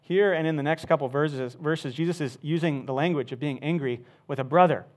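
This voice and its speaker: A man preaching a sermon, emphatic, with wide swings from loud to soft. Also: a little high, fairly quick. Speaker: pastor.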